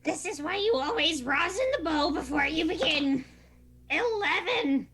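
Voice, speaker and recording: A woman at a tabletop game makes dry, joking asides at an unhurried pace. Her voice is high and bright. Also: animated. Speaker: player.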